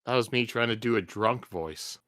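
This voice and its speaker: A man hosting a podcast in casual chat, relaxed and rambling, swearing freely. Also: mid-range voice, moderate pace, a crowd in the background. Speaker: podcast host.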